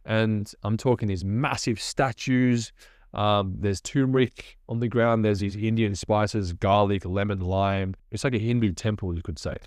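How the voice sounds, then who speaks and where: A man telling his personal testimony in a lively, conversational storytelling manner. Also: fairly low pitch, unhurried, no echo, clean studio sound. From Australia.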